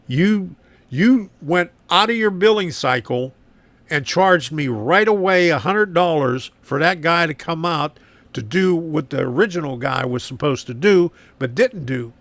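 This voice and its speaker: A man hosting a live stream from his garage, rambling and complaining, repeating himself, slightly hoarse and clearing his throat. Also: fairly high pitch, lively intonation, measured pace, fairly bright tone, no room sound. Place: home garage workshop.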